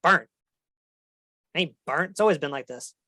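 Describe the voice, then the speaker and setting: A man's voice: a little high, animated, a little slow, bright, forceful tone, dry recording, studio quality, heavily acted. A man voicing a crude, aggressive, horse-sized male dragon who swears and talks street slang in a tabletop game. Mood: gruff. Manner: snarling, swearing, hostile.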